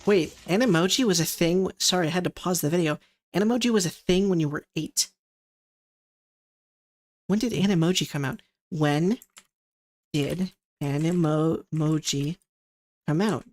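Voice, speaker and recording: A woman's voice: fairly low pitch, normal speed, long pauses, a little mellow. A young Scottish woman streaming, chatting casually and swearing loosely as she reacts to videos. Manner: loose, sweary, giggly, rambling.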